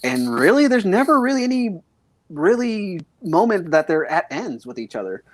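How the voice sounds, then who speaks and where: A casual podcast guest at a middling pitch, thinking out loud. The talk rambles, with many fillers and drifting tangents. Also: sing-song, normal speed.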